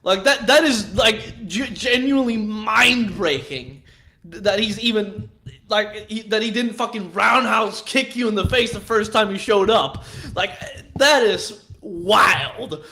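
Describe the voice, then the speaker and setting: A man's voice: high-pitched, measured pace, pushed and bright. A man hosting his own channel, chatting casually in a rambling, profane way, laughing a lot between thoughts. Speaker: channel host.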